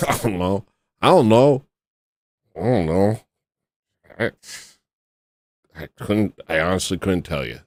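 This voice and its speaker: A man with a lowish voice hosts a casual late-night radio show. He rambles and jokes, laughing at his own stories. His voice sounds close and dry, with no room around it. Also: expressive, slow pace, long pauses, a little mellow, no echo.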